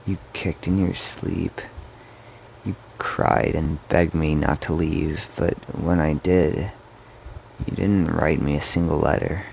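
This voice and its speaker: Man voicing desperate undead brother, very deep voice, slow pleading speech. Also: a little mellow, a little hiss or hum. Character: dying undead older brother, bitter and desperate.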